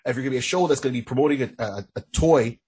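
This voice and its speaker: A man co-hosting a casual podcast who rambles and restarts his sentences as he talks. His pitch sits in the middle. His voice is extremely clear and smooth. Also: very fast, a little mellow. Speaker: podcast co-host. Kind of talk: casual chat.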